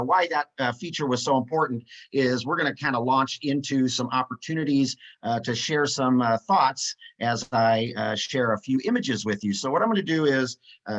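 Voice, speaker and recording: A man leads a live webinar in an upbeat, chatty way, sprinkling his talk with filler sounds as he reads out replies. His voice sits at a middling pitch. The call audio comes through dull and lo-fi. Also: a bit bright. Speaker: webinar presenter.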